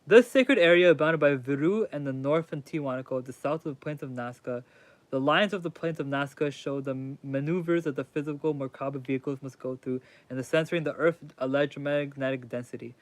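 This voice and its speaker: A man reading a book aloud haltingly on stream, breaking off to chat casually with his viewers. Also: fairly high pitch. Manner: reads haltingly, chatting with viewers. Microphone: mic crackles when he leans in.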